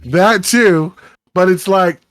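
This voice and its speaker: A man's voice: high voice, slow pace, fairly bright tone, no room sound. Young man hosting a rowdy podcast. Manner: laughing, swearing banter. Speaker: podcast host. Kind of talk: casual chat.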